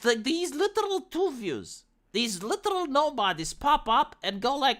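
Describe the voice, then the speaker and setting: A woman's voice: high-pitched, very animated, normal speed, hardly any pauses, fairly bright tone. A young woman streamer giving blunt, sweary casual commentary with lots of restarts, from Romania.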